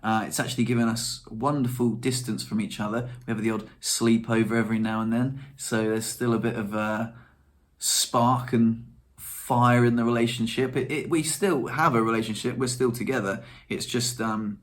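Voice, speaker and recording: A man's voice: mid-range voice, steady tone, normal speed. A young man, chatting casually to camera in a rambling, self-deprecating way. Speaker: vlogger.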